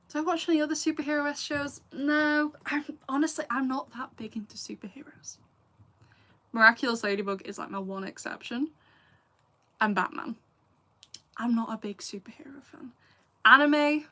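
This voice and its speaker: Bright-voiced young Lancashire woman. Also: high-pitched. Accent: Lancashire English, a little Scouse. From England. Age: 20s. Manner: chatty, laughing, drops into asides. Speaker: youtuber answering live chat. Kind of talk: casual live Q&A chat.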